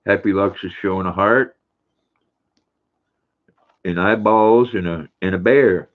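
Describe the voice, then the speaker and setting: Older male stream host, deep, folksy chat-reader, thin phone-quality audio. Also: slow. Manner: folksy, warm with his dog, chatty. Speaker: livestream host. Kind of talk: reading viewer chat aloud on a livestream. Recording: tinny phone-like sound.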